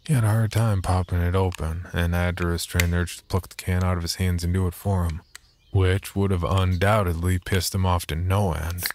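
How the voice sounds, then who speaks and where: A man narrating a horror story in a measured, subdued way. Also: low voice, steady tone, darkish tone, slight background noise.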